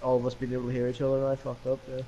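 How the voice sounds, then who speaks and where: A man's voice: mid-range voice, monotone, rapid-fire, muffled recording, over a noisy crowd. An Irish man bantering, laughing and swearing in an online gaming chat. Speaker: gamer in party chat.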